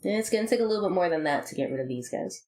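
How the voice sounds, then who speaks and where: A woman narrating as game master in a tabletop game, relaxed and quick to laugh. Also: on the low side, low-quality recording.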